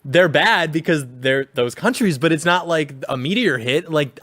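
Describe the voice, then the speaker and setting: A man's voice: on the high side, lively intonation, moderate pace, few pauses, fairly bright tone. A young man co-hosting a casual political talk show, sarcastic and joking, often acting out quotes. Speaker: podcast co-host.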